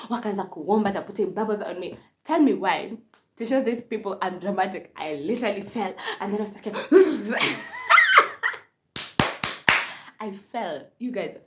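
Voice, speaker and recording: A young Kenyan woman telling a casual storytime, switching between Swahili and English, animated and laughing often. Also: medium pitch, normal speed, background noise. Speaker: vlogger.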